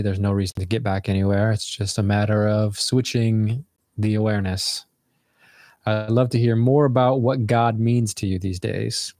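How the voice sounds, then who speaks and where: Guy, lowish voice, dry close sound, rambling reflective stream host. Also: vocal fry, a little mellow, dry recording. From United States. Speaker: livestream host. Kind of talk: casual livestream chat.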